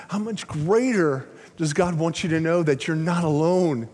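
A man's voice: unhurried, hardly any pauses. Older man preaching in a reverberant hall. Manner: dramatic swings between loud emphasis and hushed low phrases. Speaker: pastor. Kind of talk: sermon. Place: large church sanctuary.

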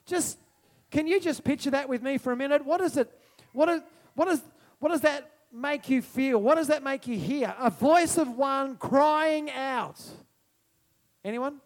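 A man preaching a passionate sermon, swinging between loud proclamation and soft musing and calling out to the congregation for responses. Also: very high-pitched, normal speed.

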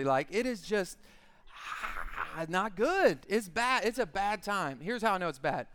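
A man preaches a casual sermon full of jokes and quick acted-out lines. His voice sits high for a man. It sounds clean and smooth. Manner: animated, joking storyteller who acts out quotes. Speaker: pastor. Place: church.

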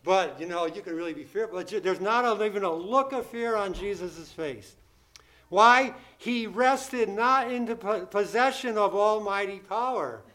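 A man's voice: sits high, normal speed, sharp tone. A man preaching a sermon, emphatic and repetitive, asking the congregation questions and acting out the disciples' frightened pleas. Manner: emphatic, repeats key phrases, asks the congregation questions; acts out the disciples' panicked pleas in a raised voice.

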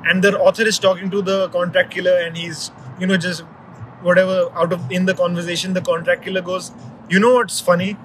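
A man's voice: sits high, completely flat delivery, brisk, noisy background. A man in casual conversation, telling a story in a rambling way with many restarts.

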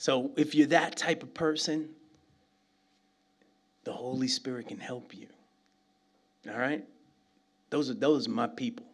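A man's voice: mid-range voice, measured pace, pauses often. A middle-aged man from New York City, preaching a sermon full of humorous stories, laughing often and asking "right?" again and again. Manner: animated, laughs often, asks "right?" constantly. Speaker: pastor.

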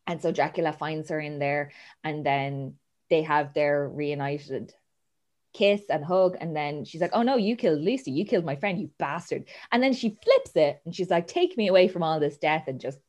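Low-voiced woman retelling a film. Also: normal speed. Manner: animated, laughs often, acts out quotes. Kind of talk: casual chat retelling a film plot.

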